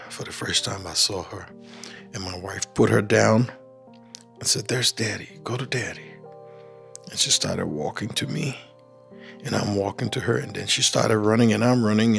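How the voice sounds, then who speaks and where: A middle-aged Liberian man's gravelly, lowish voice moves at a moderate pace as he recounts his life in a Liberian accent. He plays out the dialogue he quotes with animation, with faint music in the background.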